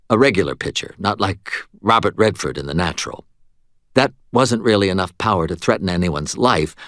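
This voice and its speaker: A man's voice: low-pitched, a bit bright, no room sound, studio quality. A man narrating a novel in first person with wry, conversational storytelling. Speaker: audiobook narrator.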